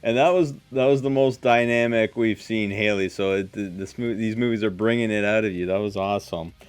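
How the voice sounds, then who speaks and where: A man's voice: fairly low pitch, brisk, clean tone. A man hosting a casual panel podcast, teasing and moderating his guests. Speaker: podcast host.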